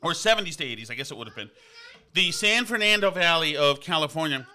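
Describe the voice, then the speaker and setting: A man's voice: fairly high pitch, animated, fast, bright, forceful tone. A man from Vermont hosting a podcast, talking in a casual, digressive way with frequent restarts and fillers. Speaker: podcast host. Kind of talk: casual rambling monologue. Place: on location, indoors.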